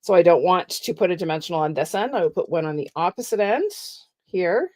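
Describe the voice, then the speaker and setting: A woman's voice: fairly low pitch, expressive, brisk, dark tone. Middle-aged lady doing a live card craft demo, chatty, explains every step. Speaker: card-making demonstrator.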